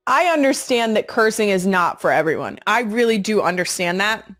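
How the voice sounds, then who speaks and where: A woman's voice: fairly high pitch, expressive, moderate pace, a bit bright, no room sound, faint music behind. A woman in her thirties hosting her own podcast, talking casually in a blunt, sassy way and swearing freely. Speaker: podcast host. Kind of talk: casual monologue.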